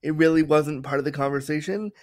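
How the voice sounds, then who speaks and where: An earnest man in his thirties from Canada answers interview questions, pausing and restarting as he thinks. His voice sits a little high for a man. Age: 30s. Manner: earnest, halting with restarts and fillers. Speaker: guest, disability consultant.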